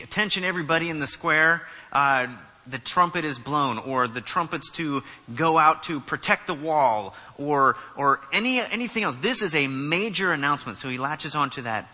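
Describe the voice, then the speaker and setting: A man's voice: mid-range voice, lively intonation, moderate pace, sharp tone. A man preaching an expository sermon, talking conversationally and then rising to emphatic bursts, with many restarts. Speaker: pastor. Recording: long hall reverb.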